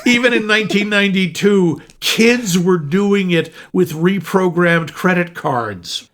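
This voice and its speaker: Wry tech-savvy man with a fairly high voice. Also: measured pace, fairly bright tone. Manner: knowledgeable, dry, wry about tech. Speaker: podcast co-host. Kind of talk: casual movie review chat.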